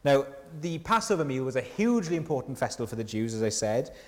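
A man preaching a sermon in a church, earnest and conversational, often asking the listeners rhetorical questions and dropping softly on key lines. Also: mid-range voice, big pitch swings, fast. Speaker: pastor. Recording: long hall reverb from a church.

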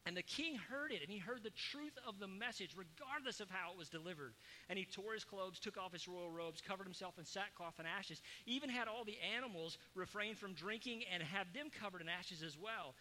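A man preaching a sermon, animated, acting out quoted voices with sudden rises. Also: brisk, a little hiss or hum. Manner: animated, acts out quoted voices with rising pitch. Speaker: pastor.

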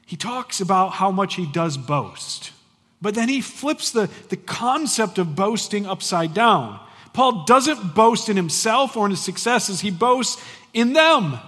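High-voiced, emphatic preacher in a reverberant hall. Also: male voice. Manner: animated, emphatic preaching with conversational asides. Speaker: pastor. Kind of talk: sermon.

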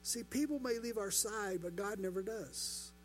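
High-voiced man preaching a sermon. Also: moderate pace, slight background noise. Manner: rhetorical questions, repetition for emphasis. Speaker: pastor.

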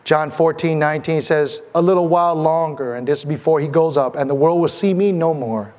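A man preaching a sermon in church, with animated, rising exclamations. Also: on the high side, a little fast. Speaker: pastor. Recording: long hall reverb.

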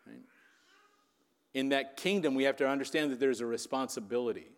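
A man's voice: mid-range voice, brisk, long reverb tail. A man preaching a sermon as pastor, in a conversational way that keeps checking in with the congregation. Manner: conversational, keeps asking "right?".

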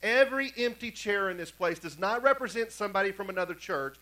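A man preaches from the pulpit of a church, his voice high and notably bright. He tells long stories, dropping to near-whispers for quiet moments and rising again to drive home repeated points. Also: expressive, quick pace, rough recording. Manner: storytelling preacher, swings from hushed to emphatic. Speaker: pastor. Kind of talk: sermon. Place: church sanctuary.

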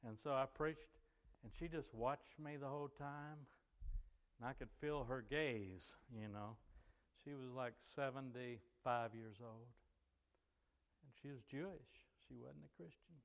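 A man's voice: mid-range voice, unhurried, vocal fry, in a large hall. A male pastor preaching a sermon in a folksy, conversational way, telling stories to his congregation. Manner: folksy, conversational, frequent "you know". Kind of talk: sermon with storytelling. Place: church sanctuary.

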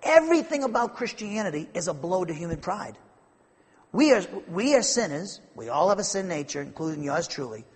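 A man's voice: high voice, slightly rough, long reverb tail. A man preaching an expository sermon to his congregation, with an emphatic delivery that rises and falls. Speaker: pastor.

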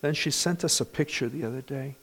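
A male pastor preaching a sermon in a church, animated, with bursts of loud emphasis. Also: mid-range voice, brisk, slightly rough.

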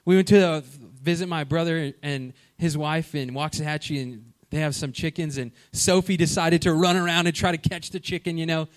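Man preaching a lively story sermon. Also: a little high, normal speed, few pauses. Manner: animated storytelling, asks the crowd questions. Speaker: pastor.

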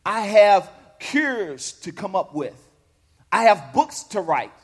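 A man doing a pompous, loud genius. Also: sits high, sing-song, slow pace, slightly rough, heavily acted. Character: pompous smartest man in the world, male adult. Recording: long reverb of a large hall.

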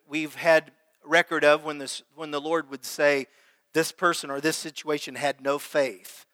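A man's voice: fairly high pitch, bright, forceful tone, no echo, in a large hall. A man preaching a sermon as pastor, reading scripture aloud and calling out questions to his congregation. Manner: preaches with prayer and call-and-response to the congregation.

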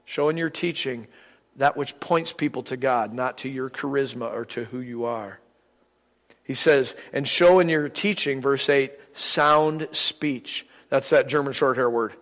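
A middle-aged man preaching a sermon as pastor, lively and acting out the voices of people he quotes. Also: mid-range voice, unhurried, big-room sound, low-quality recording. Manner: animated, acts out quoted voices.

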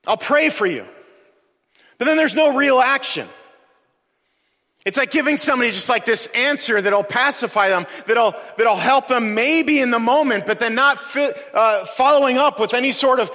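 Bright-voiced preacher in an echoing hall. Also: male voice, extremely high pitch, normal speed. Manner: conversational preaching, acts out quoted voices. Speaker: pastor. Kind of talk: sermon. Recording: long hall reverb.

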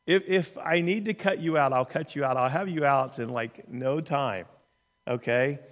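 A man doing a calm, steady father. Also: mid-range voice, normal speed, big-room sound, natural voice. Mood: calm reassurance. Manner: steady and reassuring. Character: calm, reassuring older father.

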